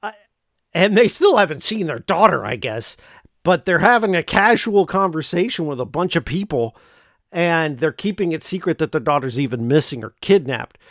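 A man's voice: on the high side, big pitch swings, moderate pace, fairly bright tone, dry recording, studio quality. Rambling, joking man retelling a film plot. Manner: rambling and joking, with many fillers. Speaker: podcast host recapping a film. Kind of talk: casual chat.

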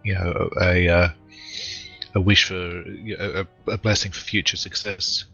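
A man playing a tabletop game, talking haltingly with many fillers. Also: low-pitched, little pitch movement, gravelly, sharp tone, husky, soft background music. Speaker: player. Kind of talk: casual tabletop play. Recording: dull lo-fi recording.

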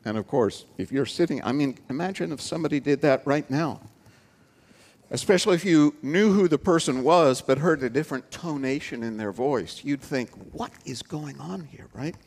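A man preaching a sermon as pastor, deliberate and conversational, with asides to the congregation. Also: fairly high pitch, a little mellow.

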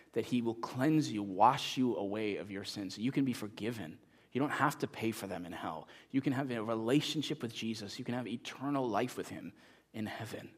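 A man preaching a sermon as pastor, telling a story with lively energy and then making a quiet, earnest appeal to the congregation. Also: mid-range voice, breathy edge.

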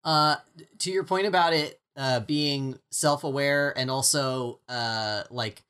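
A co-host in a casual podcast chat, halting and hesitant, with many fillers. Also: mid-range voice, a bit bright, smooth. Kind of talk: casual chat reviewing a show.

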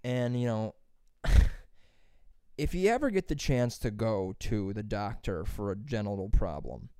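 A man's voice: lowish voice, measured pace, clear, resonant tone, no room sound, clean studio sound. A young man telling a long, rambling story in casual podcast chat, swearing often and acting out what people said. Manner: rambling, profane, animated when quoting.

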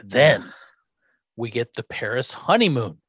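A man co-hosting a podcast in casual chat, animated and sarcastic, swearing freely as he recaps a film. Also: mid-range voice, a little slow, breathy edge, no echo. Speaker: podcast co-host.

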